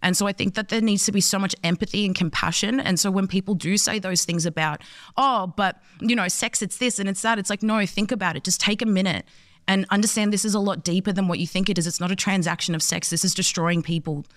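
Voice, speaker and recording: A woman's voice: medium pitch, steady tone, fast talker, no echo. Woman in her 20s, earnest interview guest, acts out quotes, dry close sound. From Australia. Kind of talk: passionate conversational storytelling.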